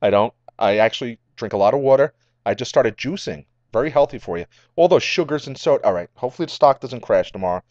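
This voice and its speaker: A man's voice: medium pitch, darkish tone, dry recording. A man hosting a casual stock market recap over charts, rambling and cracking jokes at his own puns. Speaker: market commentary host. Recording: dry, slightly dull lo-fi audio.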